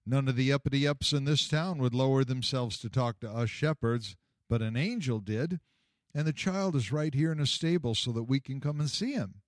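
A man voicing an old shepherd who speaks hesitantly and with reverent excitement in a storybook reading. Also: medium pitch, normal speed, no echo, studio quality, natural voice. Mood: excited.

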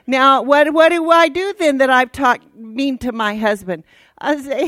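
Woman Bible teacher, higher voice, unhurried, teasing but direct. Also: fairly bright tone, dry recording. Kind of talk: casual church teaching.

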